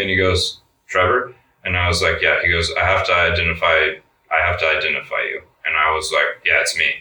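A man's voice: low voice, pushed and bright, far from the mic. A young man telling a story in a laid-back interview, cursing a lot and saying "like" all the time. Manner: laid-back, swears a lot, says "like" often. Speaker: guest. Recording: roomy sound, mic set back.

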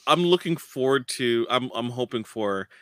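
A man co-hosting a loose chat, laughing often and halting on plenty of fillers. His voice is bright and forward, recorded close and dry. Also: medium pitch, animated, no room sound. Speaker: podcast co-host. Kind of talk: casual chat.

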